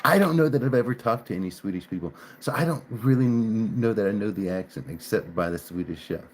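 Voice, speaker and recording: A man's voice: lowish voice, expressive, fast talker, slight background noise. A man chatting casually on a livestream, laughing often and cursing mildly. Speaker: livestream host. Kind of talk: casual live chat.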